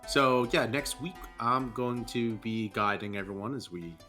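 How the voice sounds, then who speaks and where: A man on a video call describing the game he will run next week, talking in a quick, chatty, playful way. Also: medium pitch, sharp tone, soft background music. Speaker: game master for next week's game. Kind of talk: casual stream chat. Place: home setup on a video call.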